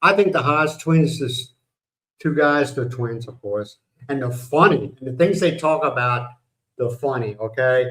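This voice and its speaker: A man's voice: mid-range voice, lively intonation, a little slow, a bit bright, rough recording. An older man from the United States hosting a casual livestream, rambling and blunt, swearing now and then. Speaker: livestream host. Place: home in the Philippines.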